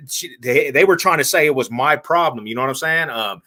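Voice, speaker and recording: A man hosting a podcast, telling stories in animated, slangy casual chat and laughing as he goes. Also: a little high, brisk. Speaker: podcast host.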